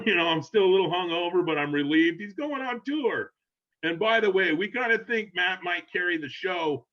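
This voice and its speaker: A man's voice: high voice, normal speed. Rambling older man telling a story. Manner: rambling, animated, laughing, acts out quotes in raised voice. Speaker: guest storyteller. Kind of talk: casual storytelling. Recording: dull lo-fi sound.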